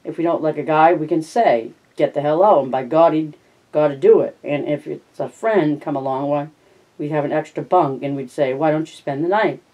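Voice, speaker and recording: A reader doing a tired ranch hand, drawling in a plain rural way about the land he hopes to own. The pitch sits in an ordinary middle range, and the telling is steady and low-key, as in a novel read aloud. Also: normal speed, lo-fi sound, natural voice. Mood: rapt. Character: rancher dreaming of owning land, a weary working man.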